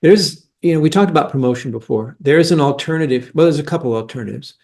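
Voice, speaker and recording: A man's voice: on the high side, quick pace, gravelly, darkish tone. A middle-aged man giving explanatory interview answers as a mining analyst, emphatic and argumentative, with frequent restarts.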